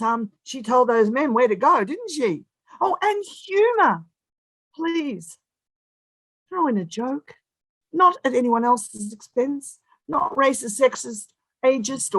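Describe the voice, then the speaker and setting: A woman in her seventies giving an animated, emphatic motivational speech, with big swings in loudness and long pauses. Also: fairly high pitch, no room sound, poor audio. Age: 70s. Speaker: guest speaker.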